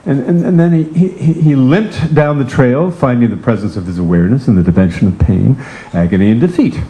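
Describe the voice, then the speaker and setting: A man's voice: medium pitch, brisk, warm tone. An older man reading his own comic story aloud with wry, theatrical narration. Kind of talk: comic storytelling to a live audience.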